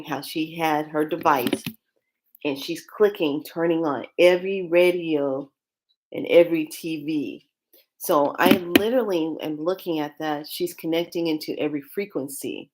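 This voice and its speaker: A woman's voice: deep voice, a little mellow. A woman telling a spiritual dream story in a casual, rambling way, often repeating and restarting her phrases with earnest emphasis. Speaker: spiritual vlogger.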